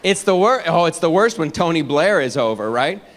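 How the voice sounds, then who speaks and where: In an animated stand-up routine, a man talks in a fairly high voice. Between his own lines he keeps slipping into rapid character voices.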